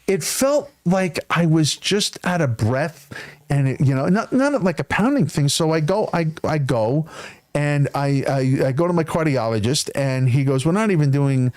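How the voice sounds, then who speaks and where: Middle-aged male comic, rambling storyteller, a bit high-pitched. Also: expressive, darkish tone. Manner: rambling, halting with many restarts. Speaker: comedian guest. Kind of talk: casual storytelling. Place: studio.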